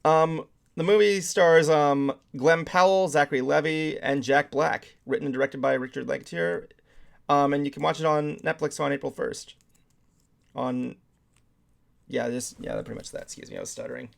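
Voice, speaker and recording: Gravelly, rambling male talk show host. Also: a little high, fairly even intonation, normal speed. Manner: rambling, stumbles and restarts often. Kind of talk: casual chat.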